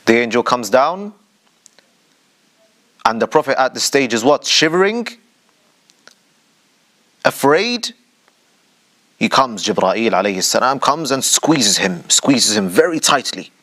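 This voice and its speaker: A man hosting a religious commentary show, with a voice of ordinary middle pitch for a man. He speaks rhetorically, turning to his audience and stressing his points with drama. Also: animated, normal speed, a bit bright. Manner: rhetorical, addresses audience directly, dramatic emphasis. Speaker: show host.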